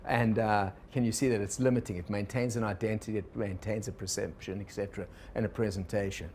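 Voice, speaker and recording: A man teaching a workshop to a live group, relaxed and digressive, often turning to the audience with questions. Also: lowish voice, brisk, few pauses, slight background noise. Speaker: organizational consultant teaching a workshop.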